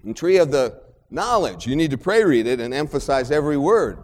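A man preaching a sermon slowly and emphatically, repeating key phrases like a chant. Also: a little high, lively intonation. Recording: long hall reverb.

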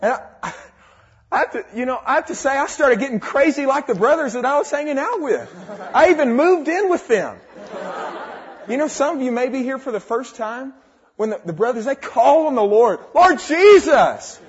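A young man giving a fervent testimony in a sermon, dropping quiet and then rising to exclamations. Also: extremely high pitch, animated, normal speed. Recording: dull lo-fi recording.

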